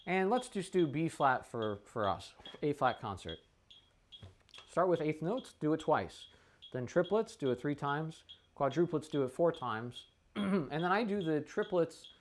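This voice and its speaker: A man teaching a trumpet warm-up in a practice room, talking casually, thinking aloud with fillers and the odd cleared throat. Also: fairly high pitch. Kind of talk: casual instructional talk.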